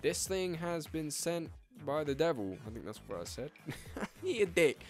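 A young man giving excitable, profane let's-play commentary and laughing often. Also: on the high side, unhurried, over loud music. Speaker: gaming channel host.

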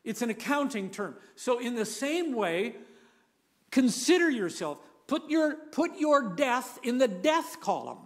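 A male preacher with a high voice that rises and falls widely as he delivers a sermon. He leans hard on key phrases, repeats them and has the listeners say them back with him. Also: very animated, measured pace, a bit bright. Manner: emphatic, repeats key phrases, leads the audience in repeating lines.

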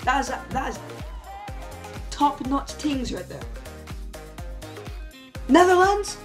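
Woman, gaming YouTuber, excitable, laughs a lot, card pack commentary, faint background music. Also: sits high, slow pace. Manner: excitable, shouts out card reveals, laughs often. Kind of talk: casual pack-opening commentary.

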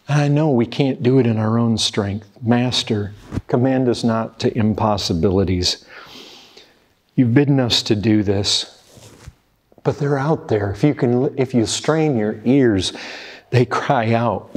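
Man, preacher, husky voice, pleading, fervent sermon. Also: medium pitch. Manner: pleading, urgent, repeats "brethren".

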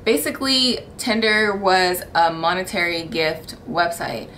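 A woman in her thirties from the United States vlogging casually and candidly, laughing often and getting animated when she is exasperated. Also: fairly low pitch, a little slow, slight background noise. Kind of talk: casual wedding-planning vlog.

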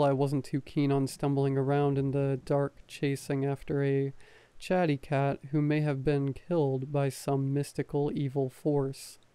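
A man reading a first-person horror story in a soft, slow ASMR style, close to the microphone. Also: on the high side, clear, resonant tone, no echo. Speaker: story narrator.

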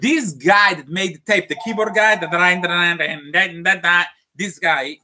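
A man's voice: high-pitched, moderate pace, bright, forceful tone, a little hiss or hum. Man playing a rambling folksy rebbe. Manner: rambling, self-deprecating, breaks into laughter. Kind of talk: improvised comedy skit.

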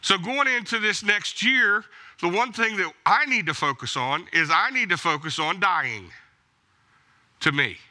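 A man preaching a sermon with a very bright, forceful tone and a high voice that swings widely in pitch. He exhorts his congregation emphatically, hammering points with blunt repeated commands. A pastor in full flow in his own church. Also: expressive, a little slow.

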